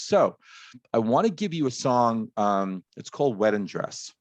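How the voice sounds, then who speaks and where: Lively teasing man in his fifties. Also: medium pitch, unhurried, no room sound. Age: 50s. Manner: lively, teasing, laughs often. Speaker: co-host of a music reaction show. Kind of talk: casual chat.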